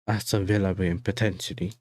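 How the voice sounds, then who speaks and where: Young guy live streaming footy chat, lowish voice, dead dry mic, slang everywhere. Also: steady tone, fairly quick, a little mellow, no echo. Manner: chatty and slangy, keeps saying "you know what I'm saying". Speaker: football fan channel host. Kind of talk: casual livestream reaction chat.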